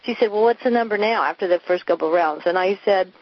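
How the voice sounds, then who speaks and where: A woman's voice: mid-range voice, fast, dry recording. A woman, a coach, telling her personal story candidly and earnestly, acting out the dialogue of the past. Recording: muffled lo-fi recording.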